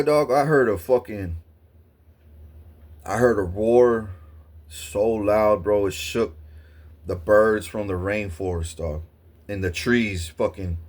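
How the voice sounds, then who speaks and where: A man vlogger telling a story in a casual, rambling and excitable way, swearing often. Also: lowish voice.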